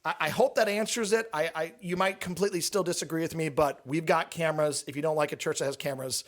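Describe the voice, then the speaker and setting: Pastor, male, higher-pitched, candid, explains at length in a casual Q&A. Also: steady tone, quick pace. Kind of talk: casual church Q&A talk.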